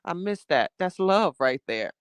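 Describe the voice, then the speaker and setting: On a home live stream, a man from New Jersey chats in a heartfelt, casual way, reading out his chat and breaking into loud exclamations. His smooth, high-pitched voice is very animated yet unhurried, recorded with no room sound.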